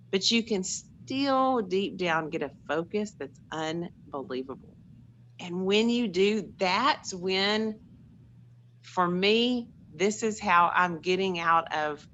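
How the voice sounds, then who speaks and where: A woman's voice: fairly low pitch, fairly bright tone, highs cut off, slight background noise. A middle-aged woman, sharing personal stories in an earnest, chatty way on a group call. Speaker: call participant.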